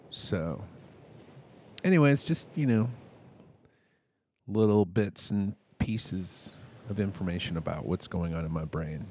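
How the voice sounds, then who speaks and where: A man talks through his own podcast in a loose, wandering monologue, poking fun at himself as he goes. His voice sits a little low, but he keeps leaping up loud and bright when he gets excited, then drifting back down. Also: measured pace, pauses often, a little hiss or hum. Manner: rambling, self-mocking humor; sudden bursts of loud, high enthusiasm. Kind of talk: casual monologue.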